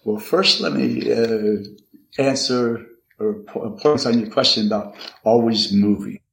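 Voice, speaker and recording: Older male guest, gravelly voice, halting reflective delivery, echoey room. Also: fairly low pitch, fairly bright tone. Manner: halting and reflective, often repeating words. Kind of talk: conversational interview. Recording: roomy echo.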